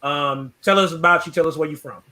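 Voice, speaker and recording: A man's voice: fairly high pitch, fairly quick, bright, forceful tone. A man, a military veteran, hosting a casual interview, hesitant and full of fillers.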